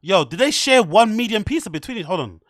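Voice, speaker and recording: A man with a notably high voice gives casual livestream commentary on clips, swearing freely and laughing often. He sounds incredulous and teasing. His voice is recorded dry and close, with no room sound. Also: big pitch swings, fast talker, fairly bright tone, no room sound. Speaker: podcast host.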